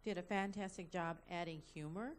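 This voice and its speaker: A woman's voice: fairly low pitch, a little fast, a little hiss or hum. Woman giving praising feedback. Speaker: workshop participant. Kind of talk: spoken feedback.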